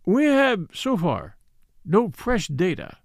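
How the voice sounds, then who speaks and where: A man's voice: on the high side, very animated, moderate pace, creaky, no room sound, studio quality. A man reading the part of a formal, severe middle-aged French magistrate. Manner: formal, polite but severe. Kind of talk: audiobook character reading.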